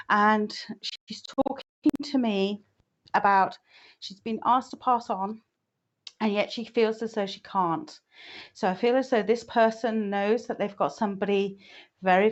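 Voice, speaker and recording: A woman, a psychic artist, chatting with viewers on a live stream and greeting them one by one. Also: medium pitch. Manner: chatty, warm greetings, frequent "oh, bless". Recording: dull lo-fi stream audio.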